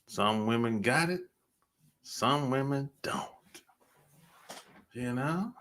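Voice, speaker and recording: A podcast host chats casually on a livestream, laid-back and slangy, laughing often. His mid-range voice is a bit bright with lively intonation, and he talks very slowly.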